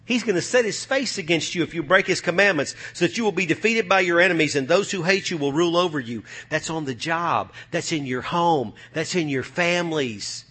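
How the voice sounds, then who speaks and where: A man's voice: a little high, a little fast, few pauses, bright, forceful tone, breathy edge. A man preaching a sermon as pastor before a live congregation. He speaks emphatically, rallying the room with repeated calls and rhetorical questions.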